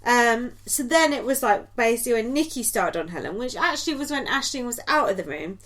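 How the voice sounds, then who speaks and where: Woman podcast co-host, highish voice, rambly, giggly, filler-heavy recap. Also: animated, a little fast, fairly bright tone. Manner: chatty, lots of ums and likes, giggly asides. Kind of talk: casual recap chat.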